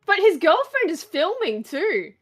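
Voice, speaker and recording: A woman's voice: very high-pitched, sing-song, a little slow, faint music behind. A woman co-hosting a casual chat, mostly reacting with short, agreeing interjections and the odd swear word. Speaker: co-host.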